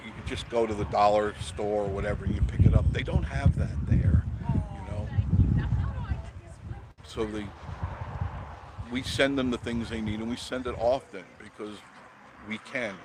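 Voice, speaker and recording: A man's voice: fairly low pitch, moderate pace, pauses often, background noise. A man hosting an unscripted live stream, talking bluntly and chattily and greeting viewers by name as he goes.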